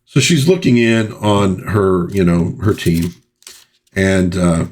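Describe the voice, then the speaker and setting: A man's voice: low voice, animated, slow pace, a little mellow. A man hosting a casual comic book review, chatting in a loose, rambling way with fillers and reading panel dialogue aloud. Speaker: pop culture channel host.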